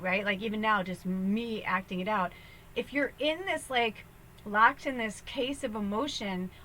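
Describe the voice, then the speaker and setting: A woman's voice: fairly high pitch, bright, forceful tone, a little hiss or hum, low-quality recording. A young woman talking casually as a spiritual medium, rambling and laughing as she jumps between thoughts. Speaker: spiritual medium giving a tarot reading. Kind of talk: casual spiritual guidance talk.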